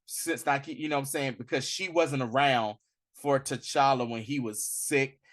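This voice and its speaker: A man talking casually as a podcast host reviewing a film, slangy and animated, acting out the lines he recounts. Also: medium pitch, moderate pace. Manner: animated, slangy, acts out quotes in bursts. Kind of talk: casual movie review chat.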